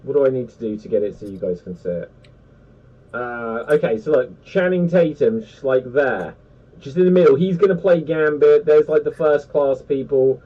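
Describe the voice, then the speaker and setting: A man chatting casually on a pop-culture panel, rambling and animated with lots of fillers. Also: medium pitch, normal speed. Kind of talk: casual chat. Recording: distant dull lo-fi mic.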